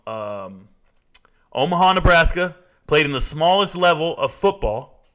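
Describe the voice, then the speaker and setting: A man's voice: fairly high pitch, unhurried. A man in his forties hosting a sports live stream, talking casually and answering chat. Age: 40s. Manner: animated, reads and answers chat.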